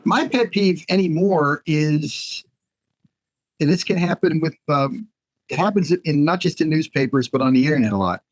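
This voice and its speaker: A man's voice: on the high side, animated, moderate pace, poor audio. A man guesting on a casual podcast, airing his peeves in a rambling, mildly exasperated way. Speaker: guest author. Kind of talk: casual chat.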